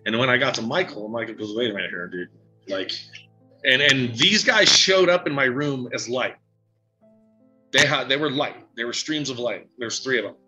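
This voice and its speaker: A man with a very bright, forward voice tells his story in a halting, emotional way, full of fillers and restarts. Faint music plays underneath him. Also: mid-range voice, rough recording. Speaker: psychic medium guest. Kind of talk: casual interview storytelling.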